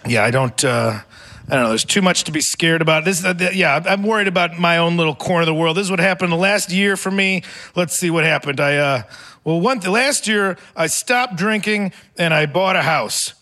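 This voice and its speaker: A man in his forties does rambling stand-up that pokes fun at himself, laughing often as he plays to a live theater audience. His delivery is fairly quick, with a bright, forceful voice on the high side.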